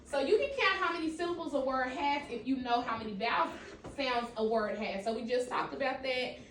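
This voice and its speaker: A woman's voice: sits high, brisk, a bit bright. A woman teaching children a phonics lesson in a classroom. She is encouraging, calls on students by name and repeats their answers back to them. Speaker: elementary school teacher. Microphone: far from the mic. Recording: echoey, distant and noisy classroom recording.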